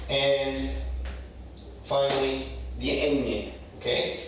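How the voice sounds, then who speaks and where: A man's voice: mid-range voice, steady tone, takes it slowly, far from the mic, background noise. Blunt, swearing man teaching in an echoey room. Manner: blunt and profane, repeats "okay?" often. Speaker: Spanish teacher. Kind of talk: casual language lesson. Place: room in Lima, Peru.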